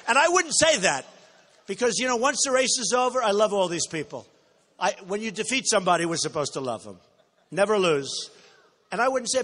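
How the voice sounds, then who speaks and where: A man speaking at a political rally in a big indoor hall, his voice pitched high for a man and pushed hard with a bright, forceful edge. He riffs off the cuff, repeats himself and brags, then bursts into shouts to drive a point home. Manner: boastful, repetitive, off-the-cuff. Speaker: political candidate. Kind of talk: campaign rally speech.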